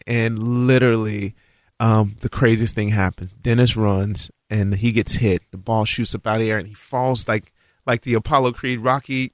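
Man from Kentucky, ex-football player, low voice, dry close sound; spins a yarn with plenty of fillers. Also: dry recording. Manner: lively storyteller who acts out quotes, frequent fillers. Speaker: former college and pro football player. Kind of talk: casual anecdote telling.

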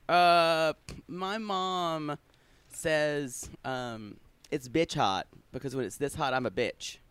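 A man's voice: a little high, slow, fairly bright tone, smooth, dry recording. A young man from South Carolina co-hosting a podcast in casual chat, campy and sassy, swearing freely. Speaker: podcast co-host. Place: Los Angeles home.

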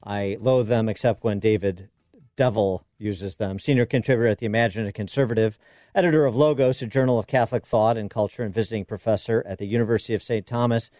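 A man hosting a political talk radio show, interviewing guests in a measured way with drawn-out fillers. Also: fairly low pitch, steady tone, warm tone, dry recording, studio quality.

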